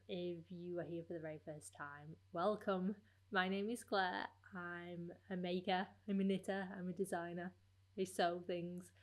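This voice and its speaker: Knitting podcast host, female, slightly low voice, relaxed rambling chatter. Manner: chatty, rambling with many fillers. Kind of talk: casual chat.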